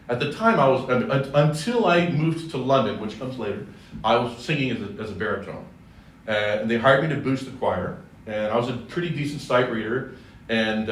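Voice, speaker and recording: A man's voice: medium pitch, fairly bright tone, slight background noise. A man from California, a singer giving a chatty, joking public talk with many self-corrections. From California, USA. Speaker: speaker, singer. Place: church hall. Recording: echoey hall, distant mic, faint ambience.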